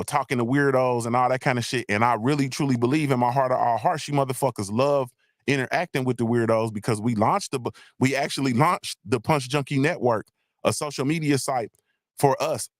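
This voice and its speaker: A man's voice: medium pitch, dry recording, clean studio sound. A man hosting a livestream, ranting bluntly and with heavy profanity, often checking in with "you feel me.". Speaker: livestream host. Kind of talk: casual livestream rant.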